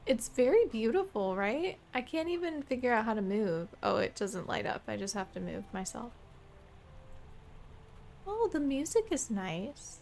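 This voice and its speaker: A woman's voice: on the high side, very animated, unhurried, vocal fry, darkish tone, slight background noise. Chatty young woman streaming a game. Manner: chatty, playful, musing aloud. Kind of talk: live game stream chat.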